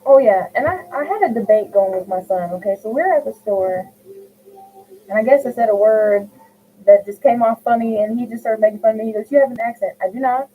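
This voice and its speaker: A woman's voice: a little high, brisk. A middle-aged woman chatting casually while she crochets at home, reading viewers' comments aloud and answering them by name. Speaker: crochet livestream host. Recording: tinny phone-like audio with faint hiss.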